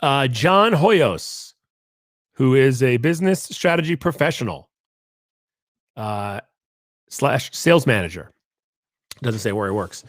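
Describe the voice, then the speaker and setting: A man's voice: medium pitch, animated, slow, pauses often, dry recording, clean studio sound. A man hosting a live-streamed marketing talk show, talking casually with many fillers and asides. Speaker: host. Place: home in Connecticut.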